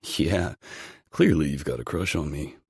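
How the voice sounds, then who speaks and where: A man's voice: extremely low pitch, animated, unhurried, vocal fry, darkish tone, breathy edge, no echo, studio quality, full character voice. A man playing a cocky, teasing hockey player. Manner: confident, teasing. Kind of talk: audiobook character voicing.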